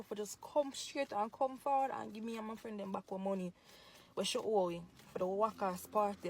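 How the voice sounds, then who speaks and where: Outdoors under a hot sun, a social media poster with a Jamaican accent vents to camera, profane, heated and repetitive. She has a mid-range voice, and the recording carries a little hiss or hum.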